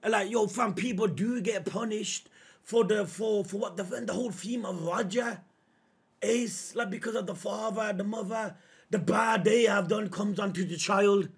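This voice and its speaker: A man streaming a live manga reaction, emotional and slangy, swinging between shouting and low muttering. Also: unhurried, slightly rough.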